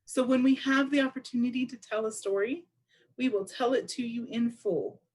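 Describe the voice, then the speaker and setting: Woman interpreter voicing a deaf speaker's seminar talk, kinda high voice, calm and explanatory. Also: normal speed, slightly rough. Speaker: sign language interpreter voicing a deaf presenter.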